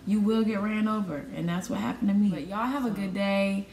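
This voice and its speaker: Young woman, casual storytime vlogger, animated and slangy, acts out quotes; roomy echo. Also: mid-range voice, brisk, a little hiss or hum. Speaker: vlogger telling a personal story.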